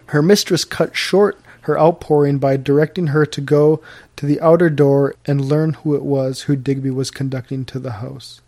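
Male narrator, audiobook reading, mellow and slightly high. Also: normal speed. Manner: steady, formal storytelling. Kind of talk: audiobook reading of a historical novel.

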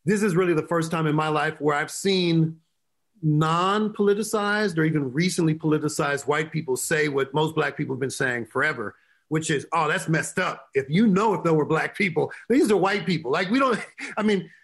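A man's voice: a little high, normal speed. A man in his fifties, a guest on a talk show, speaking in an earnest, emphatic way. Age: 50s. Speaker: guest, state representative.

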